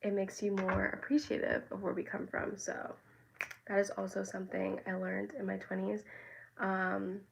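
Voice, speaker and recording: A woman's voice: medium pitch, completely flat delivery, moderate pace, vocal fry, slight background noise, low-quality recording. A woman in her twenties from the United States, talking casually to her viewers with lots of fillers and tangents. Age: 20s. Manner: rambling, filler-heavy, tangents and restarts. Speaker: vlogger. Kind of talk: casual talking-head vlog.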